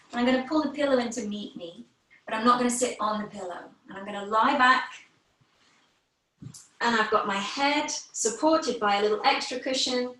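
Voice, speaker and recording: A yoga teacher with a British accent, a little short of breath, guiding a slow, gentle relaxation class with reassuring words. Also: female voice, on the high side. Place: home room, online class. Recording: roomy sound from a distant mic.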